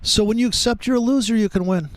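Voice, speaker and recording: The audio is poor as a male trading show host with a high voice talks quickly. Over charts in a casual trading chat, he wanders through stories, swearing freely and leaning into storytelling.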